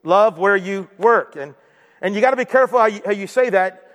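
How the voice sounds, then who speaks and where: A man's voice: high voice, fairly quick, fairly bright tone. A man preaching a sermon as pastor, talking to the room in a conversational way and often asking the congregation "right?". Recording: long hall reverb.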